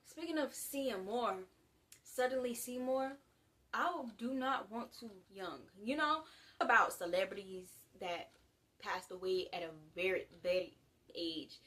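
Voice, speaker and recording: A 19-year-old woman from the US gives a casual, slangy to-camera monologue, talking in an animated way with big swings in loudness. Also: fairly high pitch, distant mic. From United States. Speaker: vlogger.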